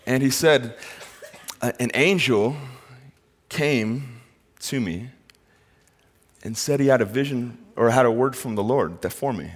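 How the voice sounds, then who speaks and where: A man in his thirties, a pastor, telling a funny personal story in a sermon and acting out the people in it. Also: lowish voice. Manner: animated, self-mocking storyteller who acts out quotes. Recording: long hall reverb.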